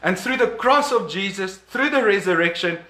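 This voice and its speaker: A man's voice: sits high, animated, moderate pace, pushed and bright, reverberant. A man preaching a sermon, emphatic, repeating key words and chuckling between points.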